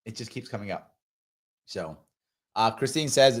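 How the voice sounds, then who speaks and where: A man's voice: on the low side, lively intonation, measured pace. A man hosting a live ask-me-anything show, reading viewer comments aloud and answering them in an emphatic way, repeating phrases for emphasis and slipping into mocking voices. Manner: does mocking voices of opponents.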